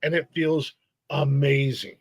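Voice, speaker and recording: A man's voice: mid-range voice, flat delivery, a little slow, breathy edge, low-quality recording. A middle-aged man, co-hosting a casual podcast and telling heated, profane stories with bursts of laughter. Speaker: podcast co-host. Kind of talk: casual chat.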